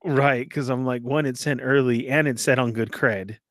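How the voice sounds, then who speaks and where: A man's voice: medium pitch, moderate pace, no room sound, studio quality. A man casually telling a long story, laughing often and acting out what people said. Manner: animated, laughs often, acts out quoted voices.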